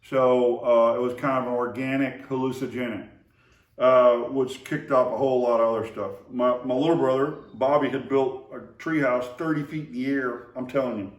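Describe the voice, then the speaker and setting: A man tells loose, rambling stories with plenty of fillers and false starts. His voice sits at an ordinary middle pitch. It is recorded from a distance in an echoing room. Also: fairly even intonation, normal speed. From Oklahoma to Texas area. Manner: rambling, with many fillers and restarts. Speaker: storyteller remembering his brother. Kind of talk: casual spoken memories. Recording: roomy echo, voice far from the mic.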